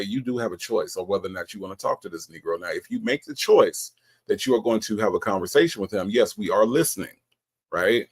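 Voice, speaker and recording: Male stream host, confrontational commentary, repetitive delivery. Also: lowish voice. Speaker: livestream host. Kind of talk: commentary on call recordings.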